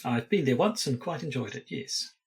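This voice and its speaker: A man's voice: mid-range voice, animated, normal speed, gravelly, slightly rough. A man with a New Zealand accent co-hosting a casual podcast, rambling and repeating his words. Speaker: podcast co-host.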